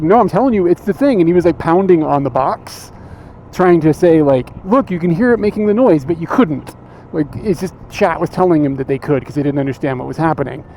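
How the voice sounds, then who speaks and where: Gravelly, laid-back male streamer. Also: a little high, mellow, slight background noise. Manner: laid-back, chatty, laughs often. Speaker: IRL streamer. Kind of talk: casual storytelling on a walk. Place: outdoors on a city street.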